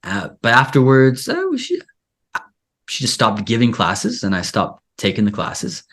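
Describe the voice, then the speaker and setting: A man's voice: mid-range voice, huge pitch swings, a little slow, a bit bright. A man hosting a casual interview, talking in a rambling way full of filler "like". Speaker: podcast host and Spanish teacher.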